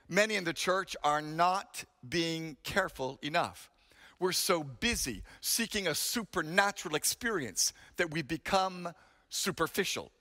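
A man's voice: high-pitched, pushed and bright, long reverb tail. A male pastor preaching a sermon, dramatic and emphatic, telling stories to make his point.

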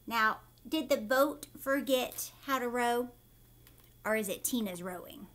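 A woman teacher reading a children's book aloud, animated and asking her young listeners questions. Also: on the high side, unhurried. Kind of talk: read-aloud storytime for children.

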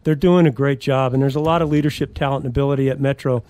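A man's voice: mid-range voice, fairly even intonation, quick pace, a little mellow, no room sound. A man talking as a sheriff candidate on a radio talk show, speaking earnestly in a campaign style with frequent restarts and fillers.

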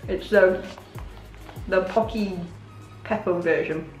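A young woman vlogger chatting excitedly while unboxing gifts, gushing often, her voice a little hoarse. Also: mid-range voice, slow, reverberant, faint music behind. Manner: excitable, gushing, many oh my gods. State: voice going hoarse. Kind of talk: casual unboxing chat.

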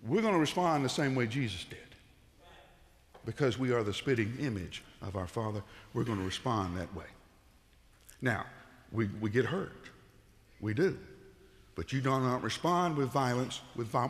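Pastor guy preaching, chatty then suddenly loud, then quiet and low, big echoey church sound. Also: lively intonation, moderate pace. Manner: conversational preaching, swings from loud emphatic bursts to low quiet tones. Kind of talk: sermon.

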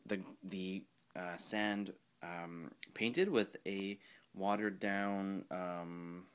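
A man's voice: low voice, fairly bright tone, clear, resonant tone. A man giving a casual, rambling hobby update full of ums and restarts. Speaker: miniatures hobby vlogger.

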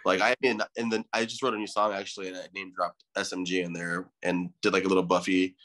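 Guest, male, 30s, low bright voice, chatty and effusive storyteller. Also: level tone, fast. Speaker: podcast guest. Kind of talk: casual chat.

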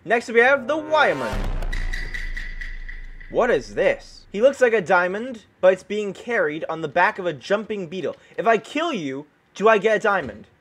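A man hosting gameplay commentary, excitable and dramatic, often yelping and exclaiming with joking mock outrage. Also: high-pitched, moderate pace, few pauses, faint music behind. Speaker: gaming video host.

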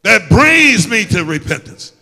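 Preaching with fervor, this Midwestern pastor's high, piercingly bright voice rings out in a sanctuary full of long reverb. He's very animated and a little slow, with some vocal fry, and swings between hushed, personal asides and all-out shouting during the sermon.

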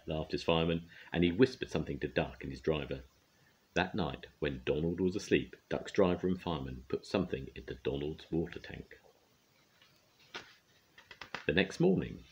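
An older man reading a children's story aloud with an expressive, lively delivery. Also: very deep voice, normal speed. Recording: dull lo-fi recording.

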